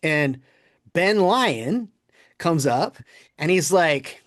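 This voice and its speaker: A man on a podcast telling a lively workplace anecdote in a casual, animated way, often quoting people and laughing. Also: on the high side, extremely slow, no echo, clean studio sound. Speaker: podcast guest, former game producer. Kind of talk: casual storytelling.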